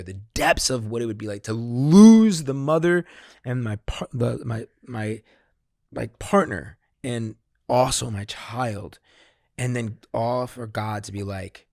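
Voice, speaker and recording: Man, gravelly low voice, dry close sound, casual storytelling, swears freely. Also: measured pace, no room sound. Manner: swears freely, animated when quoting himself. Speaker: podcast guest. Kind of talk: candid conversational storytelling.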